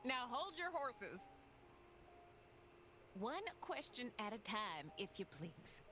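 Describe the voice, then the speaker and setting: An actress voicing a sweet, motherly grown woman in a video game, speaking in a slow Southern drawl. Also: on the high side, sing-song, music in the background. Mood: folksy, sweet.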